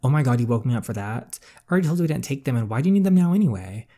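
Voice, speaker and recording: A bitter, defiant teenage girl snaps at her family in a story game, as a man reads her part aloud. Her voice is mellow and dark under the lifted pitch, sharp and exasperated. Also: very animated, very fast. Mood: irritated.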